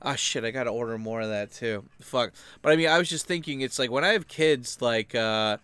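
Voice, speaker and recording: A man's voice: medium pitch, brisk, a bit bright, clean tone, no echo. A young man talking casually on his own channel, rambling loosely with lots of filler words. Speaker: channel host.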